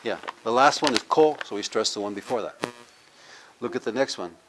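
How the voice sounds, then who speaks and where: A man's voice: medium pitch, brisk, noisy background. A man, a university professor, giving a live language lecture, explaining step by step and having the audience repeat words after him. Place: cultural center with a live audience.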